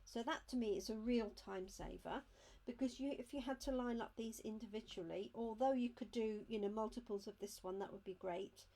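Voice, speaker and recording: A woman's voice: fairly high pitch, fairly quick, few pauses, mellow. A woman demonstrating craft supplies, chatting and explaining each step as she handles items at her craft desk. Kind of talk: live craft unboxing demo.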